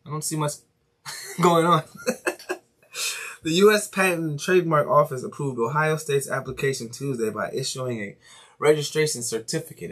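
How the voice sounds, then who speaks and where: A man hosting a casual solo podcast, reading news items aloud haltingly and chatting loosely, swearing freely. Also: mid-range voice, fairly bright tone, slightly rough. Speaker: podcast host.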